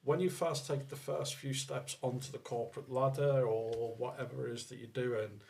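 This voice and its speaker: A man co-hosting a casual podcast chat, explaining his point in a measured way. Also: medium pitch, steady tone, vocal fry, a little mellow. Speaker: podcast co-host.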